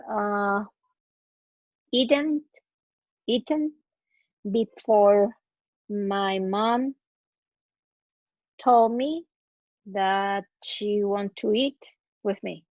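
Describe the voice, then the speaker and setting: A woman studying English works aloud through grammar practice at medium pitch, extremely slowly and with long pauses. She hesitates, corrects herself, and repeats words as she thinks; the recording is dry and muffled.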